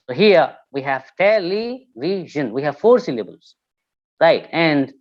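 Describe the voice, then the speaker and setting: A male teacher gives an English pronunciation lesson in a careful, measured way. He often stops with hesitant fillers while explaining. The recording sounds a little muffled and lo-fi. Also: a little high. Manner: careful explanations, many "uh" pauses. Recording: slightly dull lo-fi recording.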